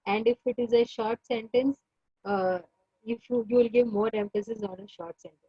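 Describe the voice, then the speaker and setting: A woman with an Indian English accent gives an online class lecture, her slightly high voice husky. She circles back over her points and fills pauses often. The sound is dull and dry, with no room around it. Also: steady tone, no echo. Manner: repetitive, pauses with many fillers.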